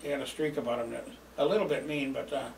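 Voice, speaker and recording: An older man with a gravelly voice rambles through old memories, chuckling between lines and filling pauses. He sits some way from the mic in a roomy space with a faint hum of ambience. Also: mid-range voice, fairly even intonation, distant mic. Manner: rambling, chuckling, lots of fillers. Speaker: storyteller. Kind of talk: reminiscing oral history.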